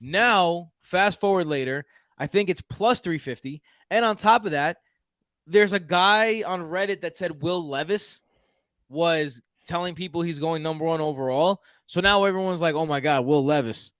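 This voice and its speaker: Man, from Houston, podcast co-host, casual and jokey, slightly high pitch, dry close sound. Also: normal speed, smooth, dry recording. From Houston, Texas. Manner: animated, jokey, frequent restarts. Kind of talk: casual fantasy football chat.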